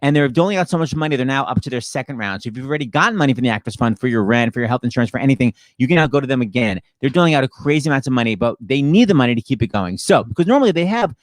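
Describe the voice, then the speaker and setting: A man co-hosting a casual livestream chat, joking and making quick fundraising appeals. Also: medium pitch, no room sound. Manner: rapid, jokey, animated talker. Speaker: co-host of a livestreamed talk show.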